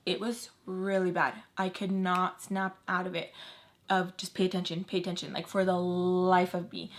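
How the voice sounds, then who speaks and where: A young woman telling a personal story in a casual storytime vlog, slangy and animated, acting out what others said. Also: fairly low pitch, normal speed.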